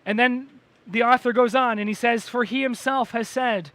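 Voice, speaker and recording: A man preaches a sermon from a church pulpit. His voice sits high and sounds bright and forceful. He drives his points home with emphatic repetition and quick restarts. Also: fairly even intonation, no echo. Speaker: pastor.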